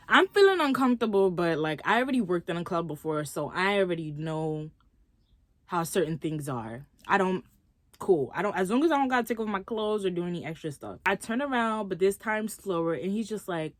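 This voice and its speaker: A young woman casually telling a story in an animated, slangy way. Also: mid-range voice, brisk, dry recording.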